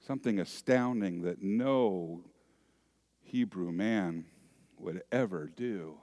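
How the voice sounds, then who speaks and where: Slow-preaching man in a reverberant church. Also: low-pitched. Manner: slow, dramatic storytelling that swings from loud to hushed. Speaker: pastor. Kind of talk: sermon. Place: church sanctuary. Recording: long reverb of a church hall.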